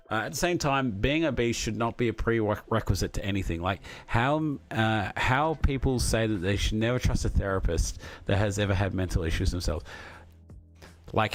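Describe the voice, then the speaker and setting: A man chatting casually as he reads out viewer messages, rambling and friendly with lots of fillers. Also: on the low side. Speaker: streamer reading chat. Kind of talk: casual live chat.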